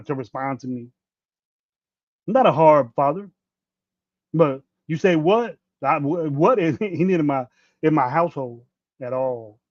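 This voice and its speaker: Through a dull, dry lo-fi mic, a high-voiced man in his fifties hosts a sports podcast as a casual livestream rant. He's blunt and profane, rambling and restarting his thoughts.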